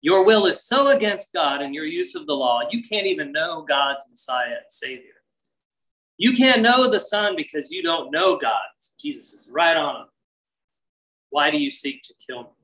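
A man preaching a sermon as pastor, earnest and conversational, often dropping to a hushed voice. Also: high-pitched, very animated, moderate pace, gravelly, distant mic, poor audio.

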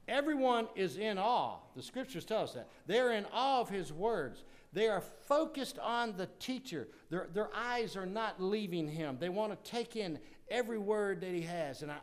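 A male pastor preaching a sermon, swinging dramatically from loud declarations to hushed asides. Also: sits high.

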